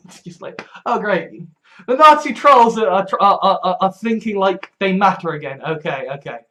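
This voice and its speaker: A man's voice: high voice, expressive, normal speed, pushed and bright. A man in a casual rambling monologue, stumbling over restarts, swearing freely and laughing wryly at himself. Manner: wry, laughs often. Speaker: vlogger.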